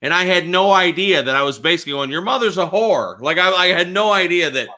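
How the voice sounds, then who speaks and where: A man's voice: high voice, fast. A man hosting a casual livestream, telling stories with lots of animation. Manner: animated storyteller. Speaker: livestream host. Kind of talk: casual chat.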